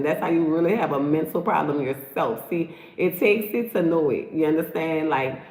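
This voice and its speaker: A woman's voice: lowish voice, darkish tone. A woman giving taunting, sassy commentary on a video, repeating herself to mock the person on screen. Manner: sassy, taunting, repetitive "look, look". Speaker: host. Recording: roomy echo.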